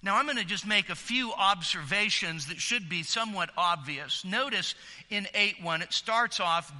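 A man's voice: high-pitched, lively intonation, moderate pace, bright, forceful tone, long reverb tail. A man preaching a sermon in an earnest, emphatic way, often repeating words as he builds a point.

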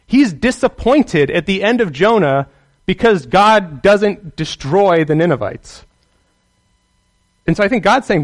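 Earnest man teaching on preaching. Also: a little high. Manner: earnest, emphatic, often asks "right?". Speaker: Bible teacher. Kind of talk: teaching on how to preach to children.

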